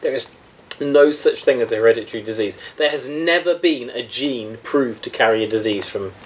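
A man's voice: medium pitch, a little fast, a little hiss or hum, low-quality recording. A man co-hosting a podcast, chatting in a playful, teasing way. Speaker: podcast co-host. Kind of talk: casual chat.

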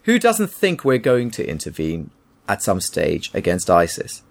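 A man's voice: low-pitched, wildly swooping pitch, a little slow, creaky. A man co-hosting a podcast, arguing his opinions emphatically in casual chat, often restarting his sentences. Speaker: podcast co-host.

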